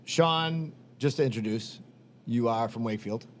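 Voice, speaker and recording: A man hosting a casual podcast, rambling and joking with quick asides. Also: medium pitch, a little hiss or hum. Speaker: podcast host. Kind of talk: casual chat.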